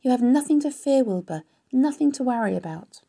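A woman reading a storybook aloud, voicing a wise and gentle female spider who speaks in a calm, measured way. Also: high-pitched, gravelly, voice pushed up, exaggerated voice. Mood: reassuring.

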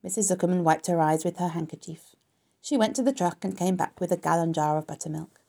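A woman reading a children's story aloud in a calm, even way. Her voice is low and mellow with a gravelly texture. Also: fast talker. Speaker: audiobook narrator. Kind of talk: storybook narration.

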